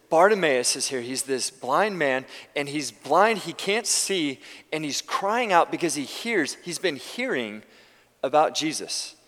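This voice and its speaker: Preaching conversationally in a church sanctuary, a male pastor speaks in a slightly high, fairly bright voice with a long reverb tail behind it, frequently restarting sentences as he goes.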